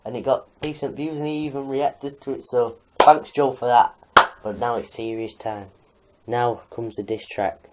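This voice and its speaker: A man's voice: mid-range voice, steady tone, moderate pace, heavy background noise. A young man, doing casual reaction commentary on a video, mock-indignant and swearing in jest.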